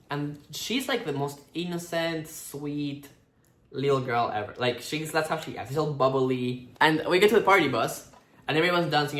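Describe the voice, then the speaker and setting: A young man in his twenties with a slight non-native accent, casually telling a story and acting out the quotes with laughter. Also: on the high side. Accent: non-native English accent. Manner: animated, acts out quotes with laughs. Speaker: host. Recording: roomy echo.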